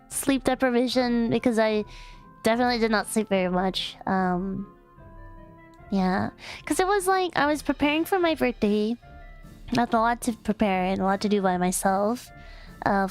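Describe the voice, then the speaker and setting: A young woman streaming a casual chat, hoarse and raspy from losing her voice, talking in a bubbly, rambling way. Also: on the high side. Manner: bubbly, chatty, rambling with frequent laughs. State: hoarse, voice partly gone. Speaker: VTuber streamer.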